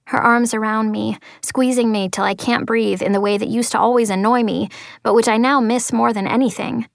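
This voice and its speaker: A woman narrating a first-person story as an audiobook, expressive, slowing and softening at tense moments. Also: a little high, creaky, dry recording, studio quality. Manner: expressive, slows for tense moments, drops to quiet tones.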